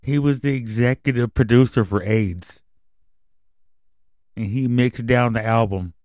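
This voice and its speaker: A man hosting his own radio show, billed as a podcast host, delivers a crude, rambling, conspiratorial rant full of swearing that ends on an emotional, subdued note. His voice is medium-pitched and a little mellow, at a measured pace. The recording is dry, with clean studio sound.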